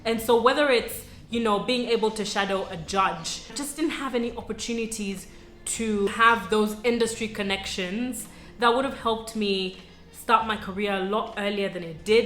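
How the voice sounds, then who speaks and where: A young adult woman from Sudan, a vlogger, tells her own story to camera in an earnest, reflective way, chatty with many asides and frequent "you know" and "like." Her mid-range voice is bright and forceful. The recording has a roomy echo with faint music.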